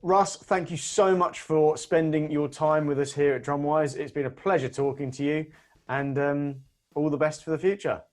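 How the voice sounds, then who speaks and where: A man interviewing a guest over a video call, asking friendly questions in a relaxed way. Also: fairly high pitch, moderate pace. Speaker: interviewer, drum teacher. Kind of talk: casual interview.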